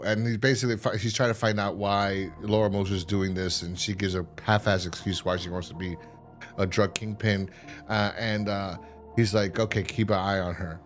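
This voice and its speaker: Low-voiced man recapping a show casually. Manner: rambling, profane, acts out characters' lines in quick voices. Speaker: podcast host reviewing a TV series.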